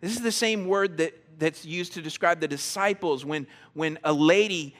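A man delivers a sermon in a relaxed, conversational style. His voice sits a bit on the higher side, and he acts out reactions and doubles up words as he builds his points. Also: moderate pace. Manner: conversational, repeats words when starting sentences. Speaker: pastor.

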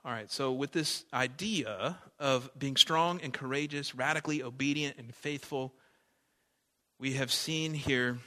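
A man preaching a sermon as pastor, animated, swinging between loud emphasis and soft asides. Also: medium pitch.

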